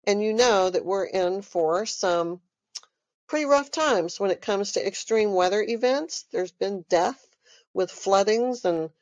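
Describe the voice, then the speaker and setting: A woman's voice: mid-range voice, unhurried, darkish tone, no echo. A woman with a Texan accent, talking casually and emphatically to listeners on her own podcast, with many fillers. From Texas. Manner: rambling, emphatic, with frequent fillers. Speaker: podcast host. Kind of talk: casual solo talk.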